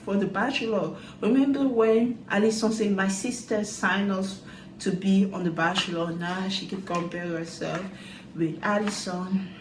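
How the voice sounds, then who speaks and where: A woman recapping a dating show in casual chat, talking loosely with quick asides and loose grammar. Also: mid-range voice, fairly even intonation, reverberant, a little hiss or hum, low-quality recording. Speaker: reality TV recap vlogger.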